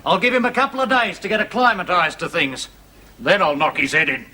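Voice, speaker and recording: A man's voice: high-pitched, brisk, very noisy, close to an everyday voice. An actor playing a blunt, threatening neighbour man in a 1970s studio sitcom. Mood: belligerent. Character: big, loud, hot-tempered Australian neighbour man.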